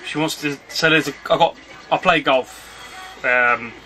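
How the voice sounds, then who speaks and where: A man's voice: on the high side, measured pace, sharp tone. Chatty man vlogging outdoors. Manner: rambling, chatty, often breaks off to call his dog. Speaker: retro game collector vlogger. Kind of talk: casual vlog chat. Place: outdoors at home on a sunny afternoon.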